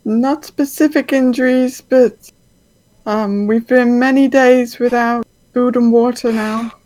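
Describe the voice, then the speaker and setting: A woman voicing a weary, high-ranking human woman stranded with her crew, tart and sarcastic. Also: fairly even intonation, slow, darkish tone, no echo. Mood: weary pleading.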